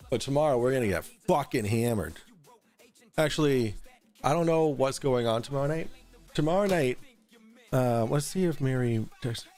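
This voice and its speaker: A man's voice: mid-range voice, darkish tone. A man runs a casual livestream show, reading viewer super chats aloud. He rambles, restarts his sentences, swears freely and breaks into laughter often. Faint music plays in the background. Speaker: livestream talk show host.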